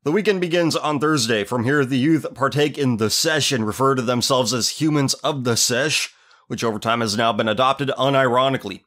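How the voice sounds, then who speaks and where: A man's voice: medium pitch, a bit bright. Male ranting host, contemptuous and foul-mouthed, ordinary mid-range voice. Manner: sneering, profane, contemptuous. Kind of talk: ranting commentary on a listener letter.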